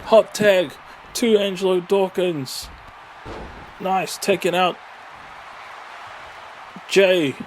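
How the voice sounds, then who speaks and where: A man commentating a wrestling video game with excited play-by-play, full of exclamations and mild swearing. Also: sits high, slow, long pauses, slight background noise. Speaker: gaming commentator.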